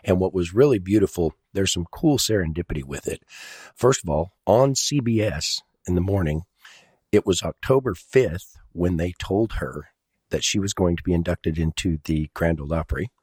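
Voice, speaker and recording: Very deep, husky-voiced male songwriter. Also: animated, moderate pace, dry recording, clean studio sound. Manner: warm, storytelling, smiling. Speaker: songwriter guest. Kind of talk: casual interview talk. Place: radio studio.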